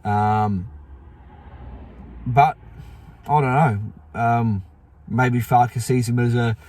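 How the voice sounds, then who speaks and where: A man's voice: medium pitch, steady tone, very slow, darkish tone. A man hosting a fan channel, chatting casually and sleepily about football with many fillers and restarts. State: sleepy, yawning. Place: outdoors in morning sun.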